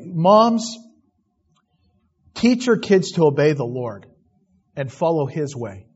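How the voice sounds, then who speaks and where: A man's voice: on the high side, big pitch swings, takes it slowly, long pauses, breathy edge, dull audio. A man preaching a sermon, reading scripture aloud and then commenting in plain asides. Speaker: pastor. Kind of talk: expository sermon.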